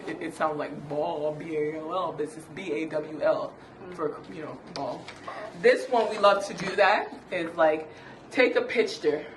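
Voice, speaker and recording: Lively Jamaican woman hosting a chat. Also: sits low, unhurried, a crowd in the background. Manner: lively, playful, laughs often. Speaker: YouTube host. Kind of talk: casual chat. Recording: echoey room, faint noise.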